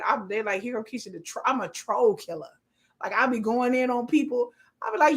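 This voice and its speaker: A woman's voice: a little high, brisk. Sassy woman telling stories on a live stream. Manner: sassy, animated storytelling with laughs. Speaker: livestream host. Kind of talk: casual live stream chat.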